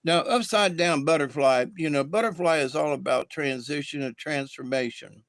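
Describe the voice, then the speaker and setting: Gravelly, folksy man reading spirit cards. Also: a little high, normal speed, fairly bright tone, dry recording. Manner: folksy, meandering, many fillers. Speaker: spiritual card reader on a live stream. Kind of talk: rambling live-stream storytelling.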